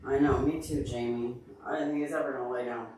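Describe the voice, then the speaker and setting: A man's voice: mid-range voice, steady tone, fast, darkish tone, slight background noise. Emotional man talking from far off. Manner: emotional, earnest, openly tearful; talks to viewers by name. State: upset and teary. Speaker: livestream host answering chat. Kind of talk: casual livestream chat. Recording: very echoey room, far from mic.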